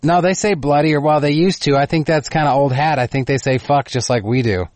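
A Texan man with a southern drawl, talking loosely and swearing as he riffs on a podcast. His voice sits a touch high for a man. The room is dry with no echo. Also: a little fast, a little mellow. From Texas. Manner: profane, laid-back, opinionated. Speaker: podcast co-host. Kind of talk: casual podcast banter.

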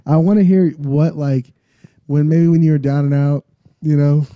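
A man co-hosting a podcast, easygoing and halting, often restarting his sentences. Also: fairly high pitch, fairly even intonation, no echo, lo-fi sound. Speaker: podcast co-host. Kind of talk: casual chat.

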